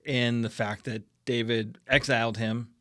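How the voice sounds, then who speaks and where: A man's voice: mid-range voice, level tone, unhurried, sharp tone, dry recording, clean studio sound. A man co-hosting a casual Bible study podcast, reflecting thoughtfully on the reading and often agreeing with his partner.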